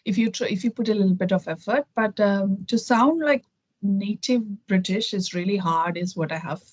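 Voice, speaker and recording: A woman's voice: medium pitch, moderate pace, no room sound, lo-fi sound. A middle-aged woman from Kerala with an Indian accent, a guest in a casual conversation over a video call, thoughtful and full of fillers and restarts.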